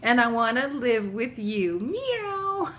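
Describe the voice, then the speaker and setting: A woman's voice: on the high side, sing-song, slow pace, fairly bright tone, voice pushed up, full character voice. A woman voicing a sweet little toy kitten girl in a cute, sing-song tone. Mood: cutesy.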